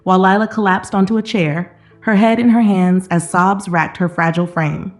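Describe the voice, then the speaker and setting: A woman narrating a scripted dramatic story in a slow, even, dramatic manner. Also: on the low side. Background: soft background music.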